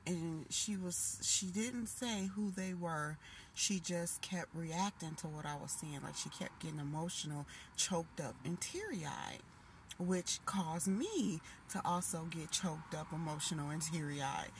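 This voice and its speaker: A woman in her late thirties telling a long dream story in a casual, animated way, full of restarts. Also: sits low, unhurried. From Minnesota. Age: 30s. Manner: animated, emotional retelling with restarts. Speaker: vlogger. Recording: noisy background hiss.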